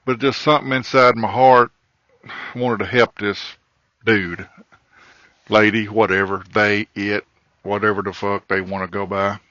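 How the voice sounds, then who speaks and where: A man's voice: on the low side, measured pace, pauses often, no echo. A man, a trucker hosting a podcast, telling a crude comedic story in a rambling, profane way, recorded in his truck cab. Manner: profane, rambling, animated in the quoted parts. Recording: dull lo-fi recording, dry.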